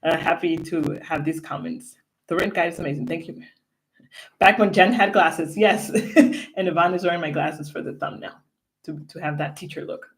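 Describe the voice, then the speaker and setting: A woman's voice: low-pitched, normal speed. A woman co-hosting a casual livestream, chatting and reading viewer comments aloud from a home setup. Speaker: livestream co-host.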